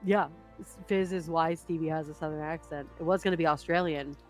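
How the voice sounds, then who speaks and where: A woman's voice: deep voice, fairly even intonation, faint music behind. Laughing woman player in casual chat. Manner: quick quips, laughs often. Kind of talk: casual chat after a tabletop game.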